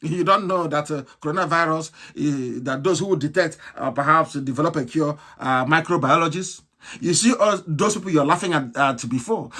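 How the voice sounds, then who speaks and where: A man giving an impassioned live broadcast speech, ranting with scorn, firing rhetorical questions and breaking into shouts. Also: on the high side, normal speed. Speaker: political activist broadcaster.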